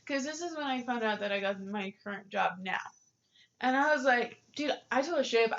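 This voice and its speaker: A woman's voice: fairly high pitch, moderate pace, a bit bright, lo-fi sound. Young woman venting, frustrated and profane. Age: young adult. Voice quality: frustrated, profane, many filler ums. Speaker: vlogger. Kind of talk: casual rant to camera.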